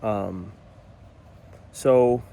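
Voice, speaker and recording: A man's voice: fairly low pitch, extremely slow, gravelly, dark tone. A man in his twenties, a new father talking casually and earnestly to camera, rambling a little and restarting his sentences. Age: 20s.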